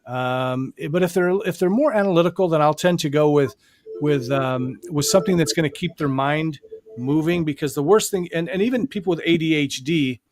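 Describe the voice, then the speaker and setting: A man co-hosting a casual live-stream chat about hypnosis, animated and quick to laugh. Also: on the high side, dry recording. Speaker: hypnotist co-host.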